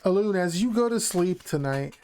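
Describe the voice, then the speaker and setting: A man's voice: high-pitched, lively intonation, moderate pace, a little mellow. A man narrating a tabletop game as game master in a matter-of-fact way.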